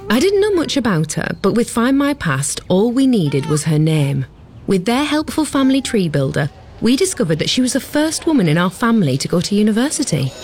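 A woman's voice: mid-range voice, big pitch swings, fairly quick, darkish tone, a little hiss or hum. Woman telling a family story. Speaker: voice-over performer. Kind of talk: scripted ad testimonial.

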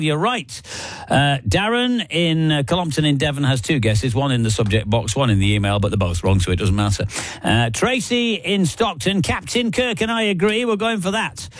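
A man's voice: mid-range voice, no room sound, clean studio sound. A man with a Lancashire accent presenting a radio show in a casual, joking way, reading out listeners' messages. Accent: Northern English, Lancashire. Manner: chatty, joking, reads out listeners' names. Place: radio studio. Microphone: studio microphone.

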